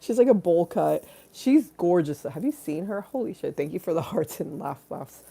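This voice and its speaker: A woman's voice: lowish voice, lively intonation, normal speed, gravelly, dark tone, breathy edge. A young adult woman hosting a casual live stream, rambling with bawdy jokes and frequent giggles. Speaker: livestream host.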